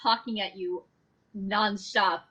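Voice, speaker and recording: A woman playing in an online tabletop game, thinking aloud in a measured way as she describes her character's move. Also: medium pitch, steady tone, sharp tone, slightly rough, rough recording. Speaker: player. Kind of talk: casual chat during a tabletop game.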